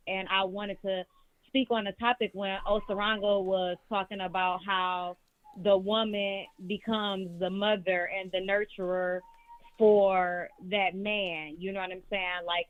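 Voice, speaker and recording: A woman's voice: mid-range voice, clear, resonant tone, no room sound. A woman calling in to a talk show, speaking in a loose conversational way. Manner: conversational, lots of "you know what I'm saying". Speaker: caller. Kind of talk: casual call-in discussion. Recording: tinny phone line, dry.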